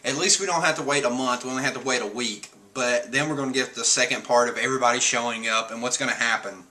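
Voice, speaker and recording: A man recaps a comic chapter for his stream in loose, rambling chat, chuckling as he goes and dropping casual swears. His voice sits at an ordinary pitch for a man but has a very bright, sharp edge. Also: fairly even intonation, quick pace.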